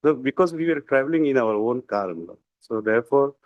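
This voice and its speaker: A defence lawyer makes his courtroom argument by video call, hesitant and full of fillers, deferentially repeating "my lord" to the judge. His mid-range voice is expressive and fairly quick, with no echo but the highs cut off.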